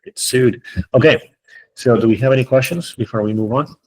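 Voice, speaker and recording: Guy teaching an english class online, slightly husky voice, jokey and encouraging. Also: mid-range voice, brisk, darkish tone.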